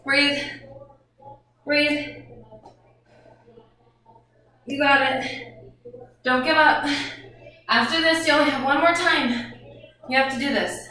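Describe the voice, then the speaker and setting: A woman's voice: sits high, slow, pauses often, bright, forceful tone, far from the mic. Breathless woman coaching a workout, echoey. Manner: encouraging, breathless cues between exercises. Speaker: fitness instructor.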